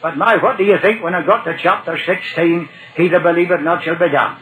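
An older man preaching a sermon, telling his own conversion story in a folksy way and quoting scripture slowly. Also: high voice, fairly even intonation, narrow, tinny audio. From Ireland. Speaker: evangelist. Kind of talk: old recorded sermon testimony.

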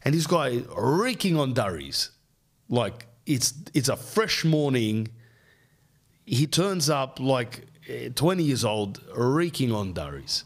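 A man's voice: mid-range voice, big pitch swings, takes it slowly. An Australian man hosting a podcast, telling a rambling, slang-filled story in casual chat. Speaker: podcast host.

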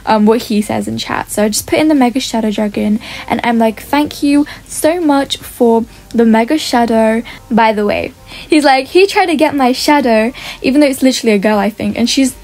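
Woman, gaming-channel host, higher register; chatty play-by-play that reads out chat messages. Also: darkish tone. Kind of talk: gameplay commentary.

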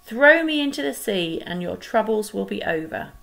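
A woman's voice: medium pitch, expressive, slow, gravelly, poor audio. A woman voicing Jonah, a groaning reluctant man. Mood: guilty. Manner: groaning, complaining.

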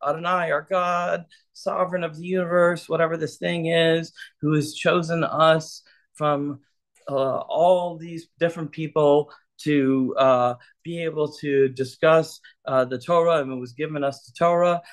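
A man leading a casual Torah study, chatty and loose, who keeps checking in with his listeners. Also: on the high side.

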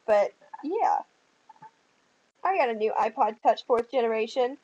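A woman's voice: a little high, expressive, measured pace, a little mellow, highs cut off. A teenage girl with a Southern US accent, rambling casually on her vlog with lots of ums and giggles. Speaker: vlogger. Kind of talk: casual chat.

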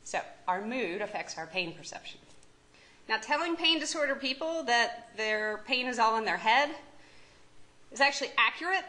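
A woman's voice: medium pitch, sharp tone, poor audio. A woman with a Kentucky accent giving a medical lecture as a psychiatry professor, talking conversationally, joking and asking the audience questions. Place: lecture room.

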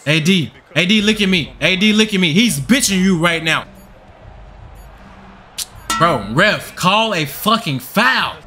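Profane, ranting bright-voiced young man. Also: sits high, animated, a little slow, pauses often, faint music behind. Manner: profane, frustrated ranting at the game. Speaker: gaming channel host. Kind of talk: gameplay commentary.

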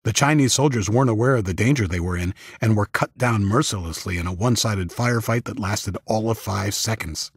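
A man narrating an audiobook in the first person with measured, scripted storytelling on a close studio mic. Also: sits low, husky, no room sound.

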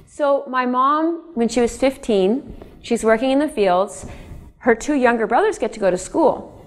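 A woman's voice: a little high, normal speed. A middle-aged woman author giving a lecture, telling family stories in a chatty way and often turning to the audience with asides. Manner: chatty, addresses audience directly, animated asides. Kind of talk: public lecture, storytelling.

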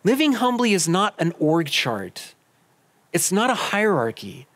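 A man's voice: high voice, fairly bright tone. A man preaching a sermon, telling a personal story and acting out both sides of the conversations. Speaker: pastor. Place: church auditorium.

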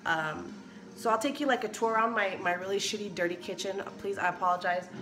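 A woman's voice: medium pitch, fairly quick. A young woman chatting casually in a show-and-tell home vlog, rambling with lots of fillers and restarts. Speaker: vlogger. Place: small kitchen at home. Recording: echoey home room.

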